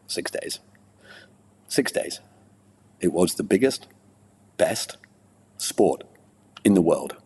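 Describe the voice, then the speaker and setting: Husky deep-voiced man reciting slowly. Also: darkish tone, in a large hall. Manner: dramatic pauses, playful. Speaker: podcast co-host. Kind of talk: reciting a comic poem.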